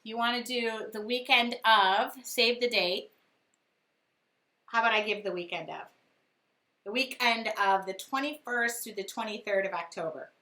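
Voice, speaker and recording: Woman host, casual livestream chat, giggly, bright and a bit high. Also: moderate pace. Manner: giggly, reads viewer comments aloud. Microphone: phone speakerphone call alongside.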